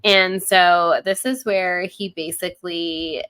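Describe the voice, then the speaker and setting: A woman's voice: on the low side, steady tone, slow pace, fairly bright tone, clear, resonant tone, no room sound. A woman co-hosting a podcast about a book, retelling the chapter casually and acting out the characters' lines. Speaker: podcast co-host. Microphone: headphones and studio mic.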